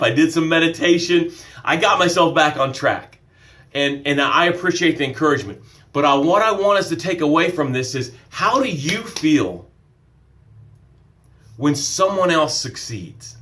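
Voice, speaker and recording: A man's voice: fairly high pitch, lively intonation, measured pace, a bit bright. A man coaching on a live stream, talking energetically and repeating his points, laughing at himself now and then. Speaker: life coach. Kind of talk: live-streamed motivational talk.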